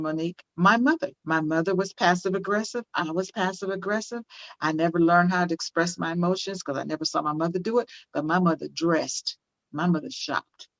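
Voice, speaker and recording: A woman's voice: sits low, lo-fi sound. Older woman, emphatic teaching tone. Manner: emphatic, repeats phrases for stress. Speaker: interview guest on parenting. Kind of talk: conversational interview, teaching tone.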